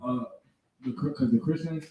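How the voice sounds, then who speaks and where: A man's voice: on the high side, a little slow, warm tone. A man in a scripture class, giving brief answers. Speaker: class member. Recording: roomy echo, distant from the mic.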